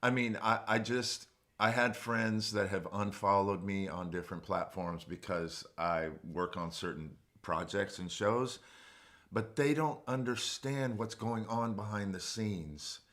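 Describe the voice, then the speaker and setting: Low-voiced earnest man. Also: steady tone, a little slow, fairly bright tone. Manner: earnest, speaks openly about faith. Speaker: guest vocal coach and producer. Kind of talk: casual livestream chat.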